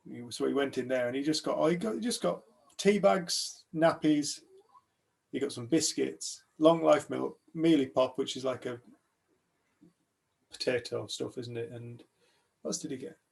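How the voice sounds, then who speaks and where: Gravelly man telling a story. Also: medium pitch, moderate pace. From United Kingdom. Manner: animated storyteller, acts out other people's lines. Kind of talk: telling a personal story to a group.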